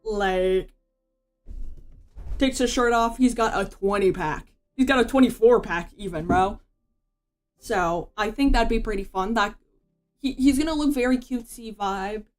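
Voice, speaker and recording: A woman's voice: on the high side, unhurried, pauses often, faint music behind. A woman VTuber chatting casually while she draws, rambling in slangy speech with swearing and frequent "bro". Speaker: VTuber streamer. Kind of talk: casual commentary while drawing.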